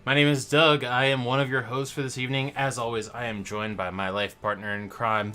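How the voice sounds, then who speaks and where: A man's voice: mid-range voice, a little fast, hardly any pauses, pushed and bright. A man hosting a trivia night stream, casual and chatty, with showy announcer-style intros and rambling asides. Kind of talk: casual livestream banter. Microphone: headset.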